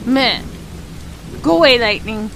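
A woman's voice: a little high, slow, creaky, rough recording. A woman streaming a game live, chatting with viewers and yelping panicked no's. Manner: animated, chatty, yelps panicked repeated no's. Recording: steady rain noise behind the voice.

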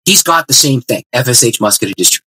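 A man with a bright, husky voice tells his testimony, animated and stumbling over restarts as he goes. The delivery is lower-pitched, and the sound is dry and close. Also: fast, dry recording, low-quality recording. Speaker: guest author. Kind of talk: interview storytelling.

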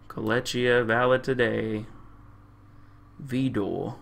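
Young man, bright edgy voice, profane slangy game commentary, repeats himself. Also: mid-range voice, lively intonation, normal speed. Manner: loud, crude trash talk at game characters. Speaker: gamer playing a game. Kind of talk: profane casual gameplay commentary.

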